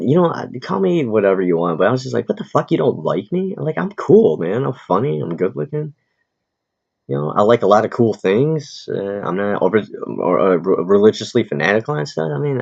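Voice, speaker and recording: Deep gravelly man ranting profanely. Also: a little mellow. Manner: profane, rambling, quick to anger. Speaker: aspiring comedian and vlogger. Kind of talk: casual rambling rant. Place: big city, in or near Manhattan. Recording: dull lo-fi recording.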